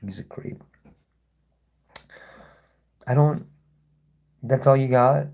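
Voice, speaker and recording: A man's voice: mid-range voice, fairly even intonation, very slow, vocal fry, a little mellow. A man hosting a casual livestream, rambling and sarcastic as he reads and answers chat comments. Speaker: livestream host.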